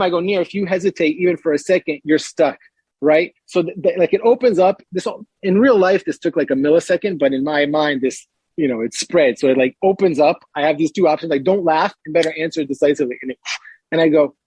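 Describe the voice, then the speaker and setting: A man guest on a podcast, telling a lively story and acting out other people's lines in raised voices. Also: a little high, fast, breathy edge, dry recording. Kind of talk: animated storytelling.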